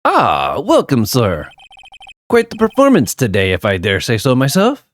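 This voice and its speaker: A man's voice: medium pitch, wildly swooping pitch, unhurried. A man voicing a smug, fawning hotel bellboy in a strange put-on accent, calling everyone sir. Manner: odd put-on accent, overly formal "sir".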